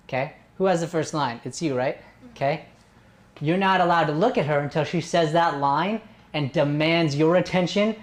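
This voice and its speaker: A man coaching teen actors through a scene, joking and pushing them for energy. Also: fairly high pitch. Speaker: acting coach.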